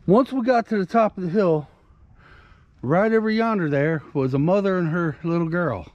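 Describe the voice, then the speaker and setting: A man's voice: sits high, moderate pace, a little mellow, no room sound, lo-fi sound. A man vlogging outdoors on a country walk, telling a rambling, conversational story to his viewers. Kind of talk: casual storytelling while walking.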